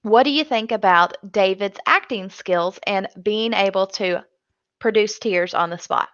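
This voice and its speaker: A woman's voice: mid-range voice, measured pace, a bit bright, smooth, dry recording. A woman co-hosting a casual chat show, chatty, who laughs often and acts out what others said. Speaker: co-host. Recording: dull lo-fi sound.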